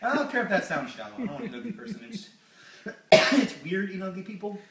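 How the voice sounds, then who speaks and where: A man's voice: high-pitched, big pitch swings, quick pace, heavy background noise. A man hosting his own amateur stand-up show at home, rambling and crude, with lots of fillers. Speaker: host. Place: home living room. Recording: echoey room from far off.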